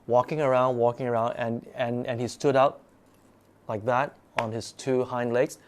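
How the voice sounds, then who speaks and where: Animated man telling a spooky story. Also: mid-range voice, normal speed, a little hiss or hum. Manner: animated, repeats words while telling. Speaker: guest storyteller. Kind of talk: casual spoken ghost story.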